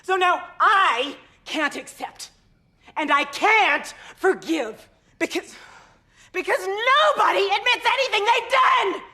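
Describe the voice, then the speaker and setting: Film drama: volatile grieving mother, very high, slow, raw screaming and sobbing. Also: animated, pushed and bright, heavily acted. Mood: bitter. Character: grief-stricken, volatile mother, middle-aged woman.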